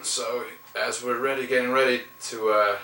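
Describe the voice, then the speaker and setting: Halting man, far off in an echoey room. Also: medium pitch, level tone, pushed and bright, a little hiss or hum. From New Jersey. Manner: halting, with frequent "uh". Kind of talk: casual anecdote telling. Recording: distant, roomy home camcorder audio.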